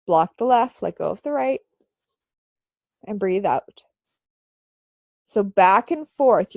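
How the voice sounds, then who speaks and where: Teaching breathing exercises live online, a woman speaks in a mid-range voice that sounds a little congested. She talks her class through it in a relaxed, chatty way, full of fillers, and the recording has no echo.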